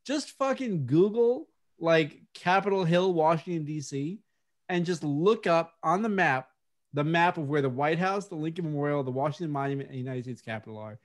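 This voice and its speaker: A man's voice: on the high side, animated, normal speed. A man co-hosting a casual podcast, rambling and fixated on a detail, mocking himself. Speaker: podcast co-host. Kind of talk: casual chat.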